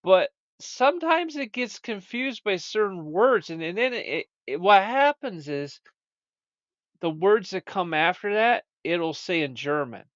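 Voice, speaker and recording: A man's voice: sits high, sing-song, measured pace, a bit bright, no room sound. A man hosting a comedic show, rambling and stammering as he chats. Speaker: show host. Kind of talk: comedic podcast chat. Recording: dull, lo-fi dry recording.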